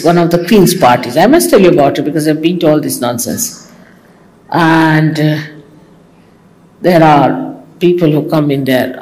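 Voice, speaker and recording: Woman, spiritual teacher preaching, low voice, very animated, wry and scolding. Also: poor audio. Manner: animated, teasing, scolding with humor. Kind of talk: sermon to followers.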